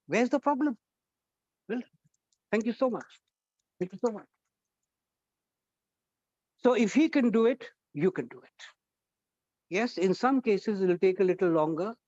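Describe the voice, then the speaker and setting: A high-voiced man runs a lively college workshop, pushing shy students to speak up. The sound is dry and a little muffled. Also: unhurried, pauses often, no room sound. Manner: coaxing, asks the class questions. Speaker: guest trainer at a college workshop. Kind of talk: interactive classroom talk.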